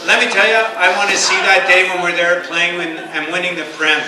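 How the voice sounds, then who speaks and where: A man's voice: sits high, flat delivery, brisk. A man giving a rowdy, profane after-dinner speech at a rugby club banquet, playfully scolding the crowd between jokes. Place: banquet hall. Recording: echoey hall from far off with crowd.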